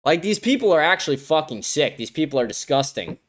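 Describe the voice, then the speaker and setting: A young man hosts a political commentary livestream in a fairly high-pitched voice. He rants crudely and swears freely. He breaks off to read out comments from his live chat and hit back at them. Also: big pitch swings, fairly quick. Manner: crude, profane ranting and reading out live chat. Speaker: livestream host.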